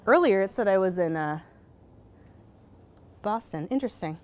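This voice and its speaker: A woman giving a conference presentation in a casual, hurried way, full of fillers and asking "right?" as she goes. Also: mid-range voice, animated, darkish tone, a little hiss or hum. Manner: casual, many fillers, rhetorical "right?" tags; hurried, self-correcting. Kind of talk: live presentation. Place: conference session.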